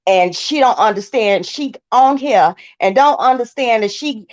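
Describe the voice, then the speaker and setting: A woman's voice: fairly high pitch, animated, a little slow, a little mellow, highs cut off. A woman in her forties calling into a live stream, upset and grieving, stumbling over her words as she vents. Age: 40s. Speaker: caller. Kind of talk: heated live-stream call-in rant.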